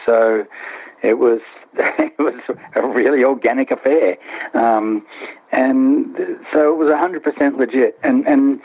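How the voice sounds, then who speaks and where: A man's voice: mid-range voice, a little slow, dry recording. A man being interviewed about his band, rambling with lots of restarts and "you know"s. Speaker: band member, interview guest. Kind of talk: remote interview, casual recollection. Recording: dry, tinny phone-line sound.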